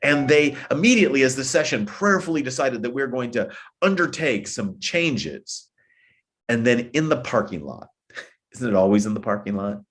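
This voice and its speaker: A man's voice: medium pitch, expressive, moderate pace, a bit bright. A man giving a sermon-style plenary talk to church leaders, telling stories and acting out the voices of the people he quotes. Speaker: guest speaker at a church meeting.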